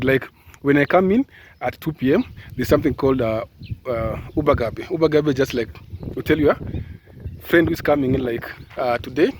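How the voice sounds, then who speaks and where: Here a caregiver vlogger from Kenya, his voice medium in pitch with a darkish tone, rambles through advice with plenty of fillers and restarts. He talks casually while filming himself outside in the sunshine, phone held at arm's length.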